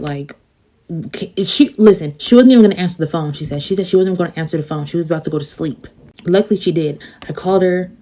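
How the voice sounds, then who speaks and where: Woman, casual storytime, emphatic, low pitch, warm tone. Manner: breathless, emphatic retelling.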